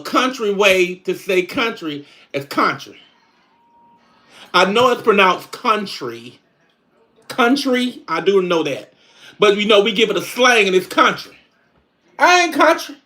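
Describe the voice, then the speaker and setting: A man's voice: high voice, sing-song, unhurried, sharp tone, exaggerated voice. A man playing a sassy middle-aged country woman, chatting in country slang on a live stream. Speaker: livestream host. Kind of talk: casual live-stream chat.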